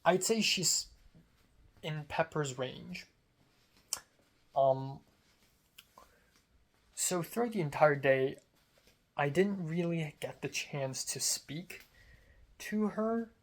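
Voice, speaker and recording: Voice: mid-range voice, expressive, very slow, pauses often. Chatty young adult from Hong Kong. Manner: chatty and candid, heavy use of "like" and "um". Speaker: script supervisor on a student film set. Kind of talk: casual storytelling vlog.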